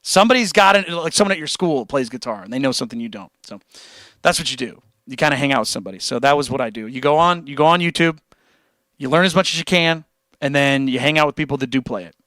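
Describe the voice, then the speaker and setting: Animated joking man chatting on a livestream. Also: mid-range voice, fast talker, dry recording, studio quality. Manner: animated, joking, swears freely. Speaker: livestream host and guitarist. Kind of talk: casual chat reading viewer comments.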